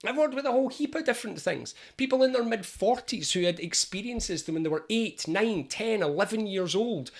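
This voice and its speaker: A man, an anxiety coach, explaining anxiety in a lively storytelling monologue. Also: sits high, moderate pace, gravelly, few pauses. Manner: lively, storytelling, acts out scenes.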